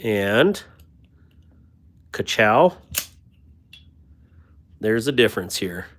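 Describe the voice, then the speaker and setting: Speaking at a normal speed in a voice on the low side, a man hosts a casual livestream about knives. Between reading viewers' comments, he cracks self-deprecating jokes and chats away, thanking his audience warmly.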